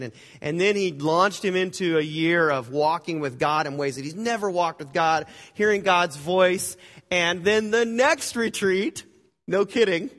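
A male pastor telling a story in a sermon, in a conversational way, acting out the voices he quotes and swinging between loud and hushed. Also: fairly high pitch, normal speed. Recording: long hall reverb.

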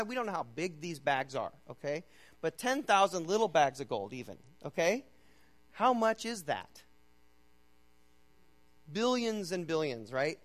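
A pastor preaching a sermon in a casual, conversational way. He keeps checking in with "okay?" and swings between loud, emphatic reading and low, quiet urging. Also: poor audio.

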